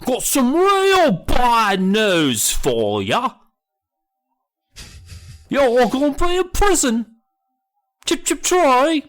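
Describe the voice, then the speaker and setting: A squeaky, gleeful British tour guide shrills out his lines in a cartoonish mock accent. The voice sits far above a normal speaking pitch and is pushed loud. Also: huge pitch swings, slow pace, breathy edge, faint music behind, heavily acted. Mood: gleeful menace.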